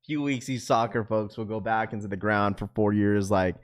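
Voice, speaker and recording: Speaking at a moderate pace in a voice on the low side, a male livestream host reads viewer comments aloud. His casual chat is slangy and full of bro, with frequent laughter and loose joking.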